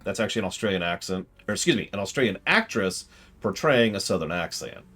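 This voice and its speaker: A man's voice: sits low, expressive, fast talker, a bit bright. A man streaming a game, chatting in rambling asides about what he plays. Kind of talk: casual game commentary.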